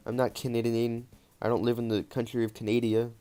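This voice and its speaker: A man's voice: medium pitch, monotone, fairly quick, dark tone, smooth. A young man playing a video game and reading its text aloud, with loose, joking, swearing commentary. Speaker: let's play gamer. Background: faint game music.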